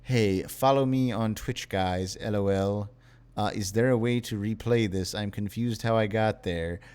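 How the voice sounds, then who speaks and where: A tired young man live-streaming, reading viewer messages aloud in a wry, unhurried way. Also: fairly low pitch, a little mellow, clear, resonant tone.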